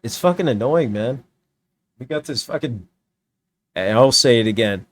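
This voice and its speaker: A man's voice: lowish voice, unhurried, pauses often. A young man streaming, giving a heated, profane reaction rant. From United States. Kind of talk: ranting reaction commentary.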